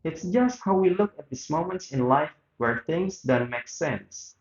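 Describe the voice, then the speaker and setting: A man's voice: on the high side, expressive, unhurried, reverberant, lo-fi sound. A man reading aloud both the host and guest parts of an interview, with small slips and restarts. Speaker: student reading both sides of a radio interview. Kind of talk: read-aloud interview reenactment.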